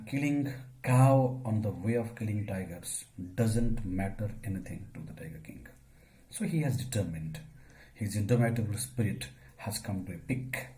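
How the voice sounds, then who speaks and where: A man, teaching a story as a lecture. He asks questions and answers them himself, using many fillers, and his voice gets suddenly louder at times. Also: on the low side, rough recording.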